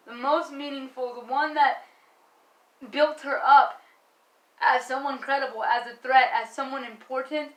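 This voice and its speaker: Exasperated high-voiced woman ranting. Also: a bit bright, echoey room, low-quality recording. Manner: exasperated, emphatic and profane. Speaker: wrestling vlogger. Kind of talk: ranting fan commentary.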